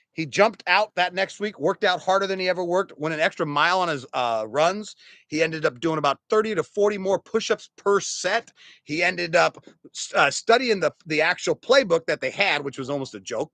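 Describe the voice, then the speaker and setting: A pastor around fifty preaching a sermon, telling stories in an animated, conversational way and chuckling as he goes. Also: on the high side, no room sound. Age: about 50. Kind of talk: storytelling sermon.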